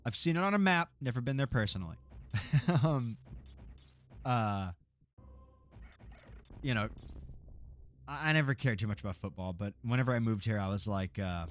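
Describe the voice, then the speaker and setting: A man's voice: on the low side, lively intonation, fairly quick, long pauses. A man from Texas chatting casually and cursing while streaming a game, laughing often. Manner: laid-back, profane, laughs often, jokey asides. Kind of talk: casual live gameplay chat.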